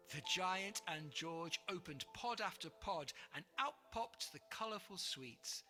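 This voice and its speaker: A narrator giving an expressive, animated storybook read-aloud. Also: mid-range voice, a little slow, few pauses. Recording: reverberant room, soft music.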